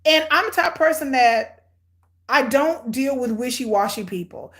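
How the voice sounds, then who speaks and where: A middle-aged woman giving blunt, sarcastic, animated commentary on a reality show she is watching. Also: on the high side, normal speed, creaky. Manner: hyperactive and energetic. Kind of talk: casual live watch-along commentary.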